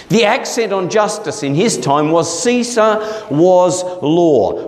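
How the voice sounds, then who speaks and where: A man's voice: a little high, darkish tone. A middle-aged man with an Australian accent, preaching a sermon in a conversational, storytelling way. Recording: roomy hall with long reverb.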